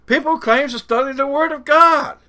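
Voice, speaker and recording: This man preaches in a folksy style with a very high, sharp voice. He slows down and pauses dramatically to stress the verses he reads, and he mocks doubters by putting on a voice.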